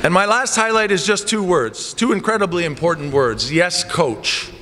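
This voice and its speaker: A male basketball coach giving a lively assembly speech in a church, telling stories and acting them out. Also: high-pitched, normal speed, noisy background. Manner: animated storytelling with comic voices. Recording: long church reverb, faint ambience.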